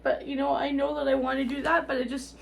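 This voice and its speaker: Tearful woman vlogger, high gravelly voice. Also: flat delivery, slight background noise. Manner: rambling, halting, repeats herself. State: tearful, on the verge of crying. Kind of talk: emotional personal update.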